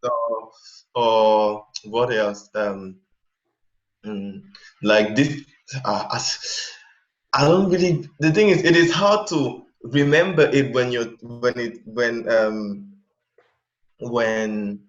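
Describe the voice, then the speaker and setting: A man from Cameroon, a guest in a casual interview, talking in an animated way with many fillers and restarts. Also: medium pitch, takes it slowly, pauses often. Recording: roomy, dull lo-fi sound.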